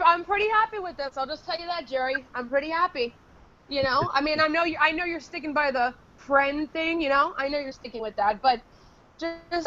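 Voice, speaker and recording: High-voiced teasing woman. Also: sharp tone, muffled recording. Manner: teasing, crude, laughs often. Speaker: podcast co-host. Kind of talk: casual chat.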